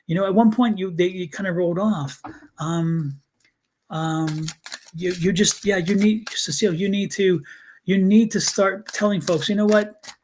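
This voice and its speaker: A man's voice: high voice, fairly even intonation, unhurried, darkish tone, slight background noise. A man giving live tarot readings on a stream, speaking earnestly and repeating himself as he calls on viewers by name. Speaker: tarot reader.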